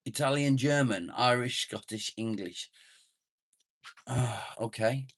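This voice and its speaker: Slow, bright-voiced man chatting on a live stream. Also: medium pitch, no room sound, studio quality. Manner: chatty, hums and mutters to himself while reading chat. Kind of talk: casual live-stream chat. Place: outdoors, sitting in a chair near the house.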